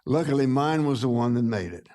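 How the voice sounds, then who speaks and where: A man in his eighties, a musician guest, telling stories in a relaxed interview with frequent pauses. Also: medium pitch. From United States. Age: 80s. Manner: unhurried, with frequent "uh" pauses and easy laughs.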